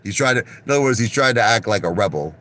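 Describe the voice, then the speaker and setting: A man's voice: fairly low pitch, expressive, fast talker, fairly bright tone. A middle-aged man talking to his viewers from his parked car in a casual, profane monologue full of restarts and tangents. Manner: blunt, profane storyteller with many restarts. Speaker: vlogger.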